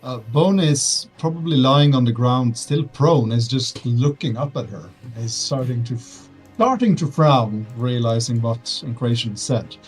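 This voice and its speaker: A man's voice: medium pitch, measured pace, slightly rough, recorded from a distance, faint music behind. A man playing a tabletop game, describing his character in the third person. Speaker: player.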